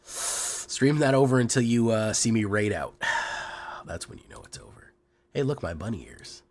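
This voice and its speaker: A man streaming and commenting casually on his gameplay, hoarse from being sick, relaxed and joking, with asides he mumbles under his breath. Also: mid-range voice, measured pace. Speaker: game streamer.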